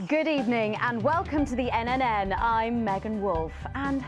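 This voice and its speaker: An actress playing a composed TV news anchor with a polished broadcast delivery, in a game. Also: female voice, fairly high pitch, normal speed, over music, lightly acted. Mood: cheery.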